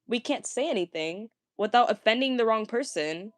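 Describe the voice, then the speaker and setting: A young woman talking casually, ranting to viewers, stammering and repeating words, with a fairly deep voice for a woman. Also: lively intonation, moderate pace, no room sound. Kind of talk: casual rant.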